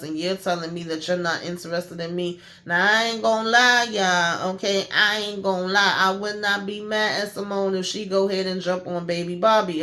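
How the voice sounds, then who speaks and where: Animated man recapping a TV episode. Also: high-pitched. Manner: animated, slangy, acts out characters' lines. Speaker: TV show recap host. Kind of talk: casual recap monologue.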